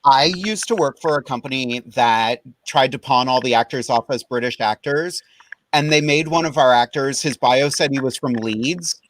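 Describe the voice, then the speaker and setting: A man's voice: mid-range voice, moderate pace, rough recording. A man hosting a casual chat, playful and chatty. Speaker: host, drag queen.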